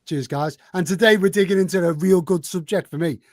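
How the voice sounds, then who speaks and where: A man hosting a casual podcast, chummy and quick to laugh as he greets viewers in the chat. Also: sits high, a little mellow, dry recording. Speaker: podcast host.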